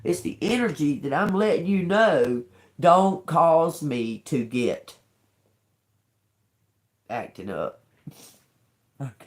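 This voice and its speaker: A woman's voice: low-pitched, slow pace, pauses often. A woman hosting a tarot livestream, talking bluntly and telling a story with lots of swearing. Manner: blunt, profane, animated storytelling. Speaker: tarot reader livestream host. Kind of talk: casual livestream talk. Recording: echoey room.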